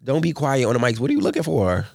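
A man hosting a casual podcast, telling animated, profane stories with loud exclamations. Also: medium pitch, fast, creaky, no room sound, clean studio sound. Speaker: podcast host. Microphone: studio mic.

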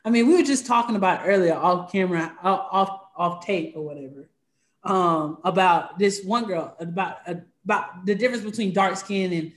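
A man with a notably high voice talks emphatically as a podcast co-host, leaning on swear words to drive his points home. His voice carries a roomy echo. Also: normal speed. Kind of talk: casual conversation.

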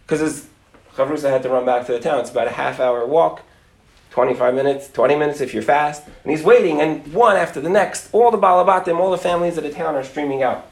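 Rabbi telling a story with voices; high-pitched man, room echo. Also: quick pace, creaky. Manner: acts out characters' voices, Yiddish and Hebrew words, laughs. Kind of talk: animated storytelling talk.

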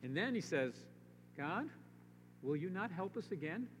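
A man's voice: high voice, big pitch swings, measured pace, a bit bright. Emphatic male pastor in a reverberant sanctuary. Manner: emphatic, rising to pleading rhetorical questions. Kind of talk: sermon. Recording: long reverb, faint hum.

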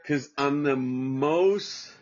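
A man's voice: medium pitch, extremely slow, a little mellow, highs cut off. A man from Southern California hosting a casual podcast, rambling and profane with frequent restarts. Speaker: podcast host. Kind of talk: casual livestream podcast chat.

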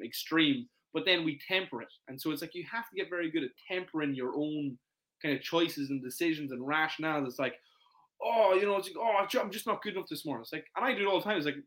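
A man coaching fitness in a casual podcast chat, animated and swearing casually as he acts out quotes. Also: on the high side, low-quality recording.

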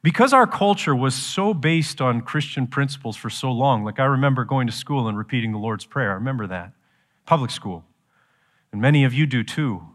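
A man preaching a sermon as pastor, shifting from quiet explanation to loud, slow, emphatic lines. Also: mid-range voice, lively intonation, long reverb tail.

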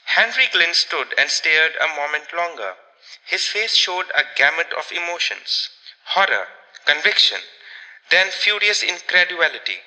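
Bright-voiced male story narrator. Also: a little high, sing-song, unhurried, long reverb tail, low-quality recording. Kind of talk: audiobook reading of a ghost story.

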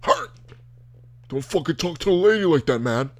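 Man putting on a pushy young bro, indignant and loud, voice pitched up. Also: lively intonation, normal speed, close to an everyday voice. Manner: indignant, confrontational. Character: indignant young male fan scolding a heckler.

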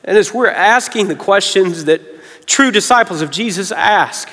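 A man, preaching a sermon to his congregation in an earnest way, going quiet when he gets emotional. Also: high-pitched, animated, normal speed. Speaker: pastor. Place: large church hall. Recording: reverberant church hall.

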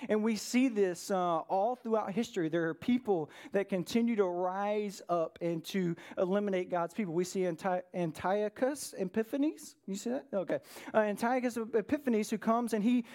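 Man, pastor, sermon, animated preaching, quick asides to the congregation. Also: high-pitched.

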